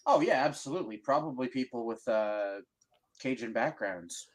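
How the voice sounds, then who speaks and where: A man with a middle-pitched, ordinary voice co-hosts a loose stream chat. He trades dark jokes and laughs easily. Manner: joking, dark humor, quick to laugh. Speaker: stream co-host. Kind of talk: casual profane chat.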